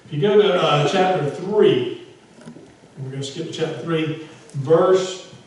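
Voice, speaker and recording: Male pastor, chatty sermon delivery with self-mocking humor; slightly high pitch, distant mic in a reverberant church. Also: measured pace, slight background noise. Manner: conversational, self-deprecating humor, rises to loud emphasis. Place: church sanctuary.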